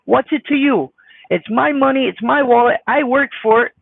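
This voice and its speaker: Squeaky high-voiced trucker on a thin line. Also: male voice, moderate pace, gravelly, no room sound. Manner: blunt, defensive, folksy. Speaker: trucker vlogger reading live chat. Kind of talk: casual live-stream chat. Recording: dry, phone-like sound.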